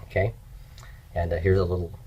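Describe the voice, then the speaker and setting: A man teaching grammar in a slow, explanatory lecture, repeating key forms as he goes. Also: low-pitched, level tone, a little hiss or hum. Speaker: Hebrew teacher. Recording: dull lo-fi lecture recording.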